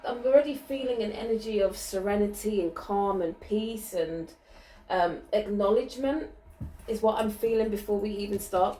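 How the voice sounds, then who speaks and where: A woman's voice: mid-range voice, warm tone. A woman reading spiritual cards in a casual vlog, chatty, with many fillers and restarts, recorded indoors in a small room. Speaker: spiritual card reader. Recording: echoey room.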